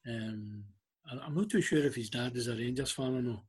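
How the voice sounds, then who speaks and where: A Scottish man guest in an interview, telling personal stories haltingly, with frequent ums and restarts. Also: mid-range voice, husky. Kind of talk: emotional storytelling interview.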